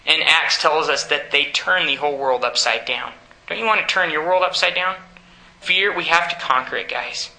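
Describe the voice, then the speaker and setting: A man's voice: fairly high pitch, moderate pace, pushed and bright, roomy sound, low-quality recording. A man preaching a sermon in an earnest, exhorting way, often putting questions to his listeners.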